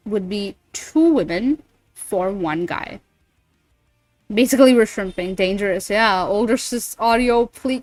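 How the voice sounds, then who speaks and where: A woman's voice: medium pitch, no room sound, rough recording. A young woman voice actor chatting casually with viewers on a livestream, giggly, slangy and given to swearing. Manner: giggly, slangy and profane, reacting to chat.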